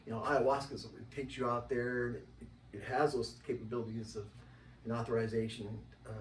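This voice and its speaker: A man talking casually as an interview guest, rambling and animated and acting out the voices of people he quotes. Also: mid-range voice, a little hiss or hum. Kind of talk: casual conversation. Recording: roomy, distant mic, faint ambience.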